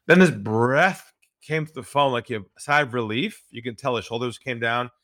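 A man talking as a sales trainer in a podcast interview, earnest, telling stories and dropping his voice low to make a point. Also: normal speed, fairly bright tone, no room sound, clean studio sound.

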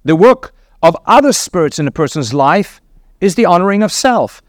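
A man delivers a sermon in a fairly high voice, teaching earnestly and posing rhetorical questions to his listeners. The sound is dry and close, with no room echo. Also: very animated, moderate pace. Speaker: preacher.

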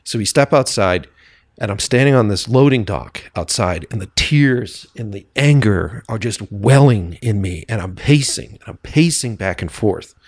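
Animated man telling a film-set story. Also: on the low side, moderate pace, slightly rough, dry recording. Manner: animated storyteller who swears freely and acts out quoted dialogue. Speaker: filmmaker guest. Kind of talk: casual anecdote telling.

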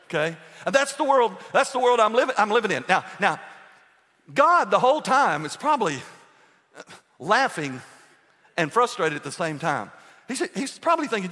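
Animated older male preacher in a reverberant church. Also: high-pitched, fairly quick, long pauses, husky. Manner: animated humorous storytelling, quizzing the congregation. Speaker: pastor. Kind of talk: sermon. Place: church sanctuary. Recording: long reverb of a large church hall.

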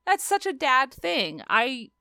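A woman's voice: sing-song, bright, forceful tone, no room sound. A woman in her thirties co-hosting a podcast, reviewing a movie in casual, effusive chat and acting out quotes. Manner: effusive, quick shifts in pitch, acts out quotes. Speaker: podcast co-host.

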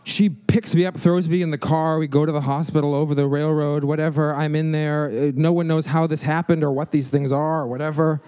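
A man telling a personal story in an animated way, acting out the people in it. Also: fairly quick, few pauses. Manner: animated, acts out quotes with shifting pitch.

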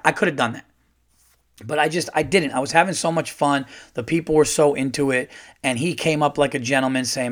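A man's voice: a little high, fairly quick. Chatty man telling a comedy story. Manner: loose, animated storytelling with frequent fillers. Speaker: podcast host and stand-up comedian. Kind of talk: casual solo podcast storytelling.

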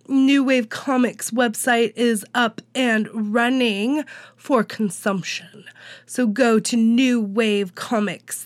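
A woman's voice: a little high, no room sound. A woman hosting a podcast while sick with a cold, her voice nasal, chatty and self-deprecating as she reads out news. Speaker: podcast host. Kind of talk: casual podcast news update.

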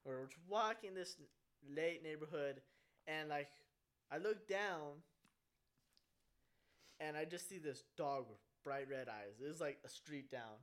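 A young man co-hosting a podcast, animated and joking, swearing freely in casual chat. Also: fairly high pitch, unhurried, long pauses. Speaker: podcast co-host.

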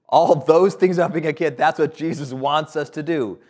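A man's voice: on the high side, moderate pace, a little mellow. A man preaching a sermon in a conversational, playful way, full of rhetorical questions and light laughs.

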